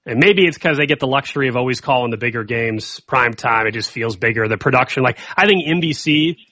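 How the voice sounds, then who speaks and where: A man's voice: medium pitch, expressive, quick pace, bright, forceful tone, dry recording. A man hosting a casual sports talk show, easygoing and moving the conversation along. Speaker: host.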